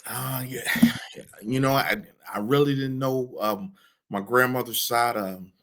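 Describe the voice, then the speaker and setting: A man in his forties talking casually as a podcast guest, halting, with many fillers and restarts, often trailing off into a soft mumble. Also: mid-range voice, steady tone. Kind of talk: casual interview talk.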